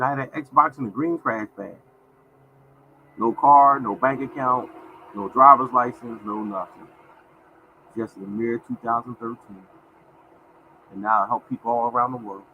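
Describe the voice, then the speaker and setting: A man in his fifties hosts a casual livestream in a mid-range voice, with the highs cut off and a little hiss or hum underneath. He's folksy and repetitive, often calling out to viewers as "y'all."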